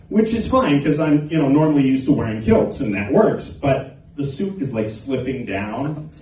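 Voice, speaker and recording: Male stand-up comic, crude crowd-teaser, fairly high voice, heard from afar in a roomy club. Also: a little mellow. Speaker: stand-up comedian. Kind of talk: open mic stand-up set. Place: small comedy club stage. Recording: echoey club, recorded from a distance.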